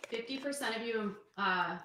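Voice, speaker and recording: A woman's voice: fairly high pitch, moderate pace, pushed and bright. A woman chatting casually on a livestream, reading out poll results and counting down. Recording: roomy livestream audio with faint noise.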